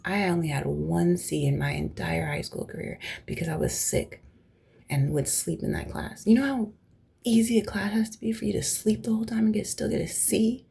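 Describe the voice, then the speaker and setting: Gravelly-voiced young woman telling blunt stories. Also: on the low side, fairly quick. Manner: blunt, animated, profane, often drops to a whisper. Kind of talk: casual storytelling chat.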